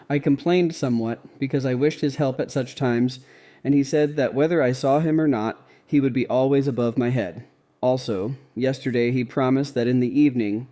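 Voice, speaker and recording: Reading a devotional diary in the first person, a man speaks calmly and at a measured pace. His medium-pitched voice is mellow and somewhat dark, and his delivery stays even and unhurried.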